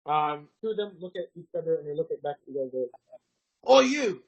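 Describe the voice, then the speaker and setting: A man's voice: fairly high pitch, rapid-fire, darkish tone. A young man narrating as dungeon master, rambling through his scenes with lots of fillers. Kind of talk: narrating a tabletop game. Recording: dull lo-fi podcast audio.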